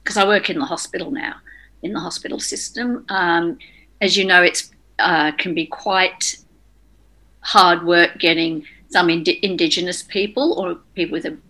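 Woman, bright and fairly low voice, frank, practical participant. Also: steady tone, moderate pace. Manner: practical, frank, telling an example. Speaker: group participant. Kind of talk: casual group discussion.

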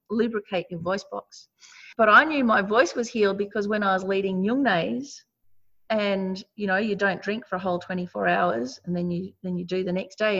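A woman's voice: medium pitch, a bit bright. Woman teaching over a muffled call. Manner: earnest, personal storytelling with frequent restarts. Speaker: Buddhist meditation teacher. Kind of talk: online teaching talk. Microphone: video call.

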